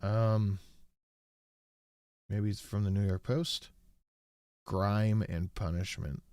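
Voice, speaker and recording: A man's voice: fairly low pitch, fairly even intonation, slow pace, darkish tone, smooth, dry recording, clean studio sound. A man co-hosting a casual reaction chat, laid-back with wry comments. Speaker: co-host.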